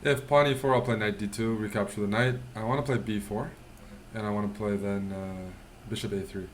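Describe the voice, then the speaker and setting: A man's voice: on the low side, steady tone, a little fast, a little hiss or hum. A man thinking aloud as he plays chess, musing and self-critical. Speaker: chess player. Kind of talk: thinking aloud while playing.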